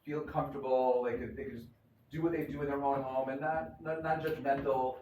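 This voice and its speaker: A man's voice: mid-range voice, steady tone, a little fast, mellow. A man speaking as a rabbi at a crowded event, telling anecdotes with many fillers and restarts. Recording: echoey room, far from mic, noisy.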